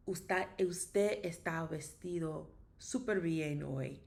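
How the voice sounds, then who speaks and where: Woman, low gravelly voice, emphatic casual teacher drilling phrases, slight hiss. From United States. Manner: repeats practice phrases slowly, emphatic. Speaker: language teacher vlogger. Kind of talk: casual spoken language lesson.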